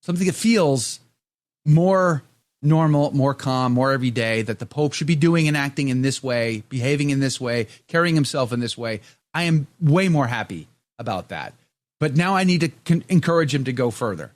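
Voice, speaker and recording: A man's voice: mid-range voice, lively intonation, normal speed, no room sound. A male host in casual live-stream chat, reading viewer comments aloud and talking candidly. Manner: candid, conversational, with frequent restarts.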